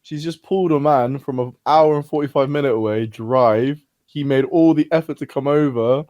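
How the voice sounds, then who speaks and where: A man's voice: mid-range voice, moderate pace, a little mellow, no echo. A young man hosting a casual podcast, teasing and incredulous, often laughing. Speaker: podcast host.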